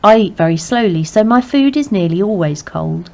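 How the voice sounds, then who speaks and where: A woman reading a novel aloud in plain, measured first-person narration. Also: mid-range voice, lively intonation, vocal fry, mellow. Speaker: reader. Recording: dull lo-fi recording.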